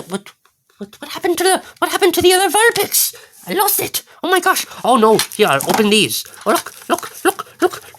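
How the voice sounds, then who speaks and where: A woman's voice: fairly high pitch, a bit bright, slight background noise. A woman in an unboxing vlog, giddy and squealing, rambling to herself as she opens card packs. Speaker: card pack opener.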